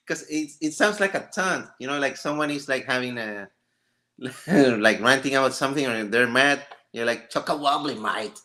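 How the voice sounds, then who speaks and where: A man's voice: mid-range voice, moderate pace, sharp tone. A man hosting a casual live stream, joking and ranting with frequent laughter. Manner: laughs often, jokey and rambling.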